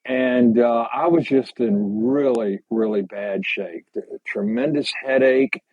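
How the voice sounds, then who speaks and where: An older man, a podcast guest, telling hiking stories in a halting, unhurried way during a casual interview. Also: medium pitch, no echo. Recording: slightly dull lo-fi sound.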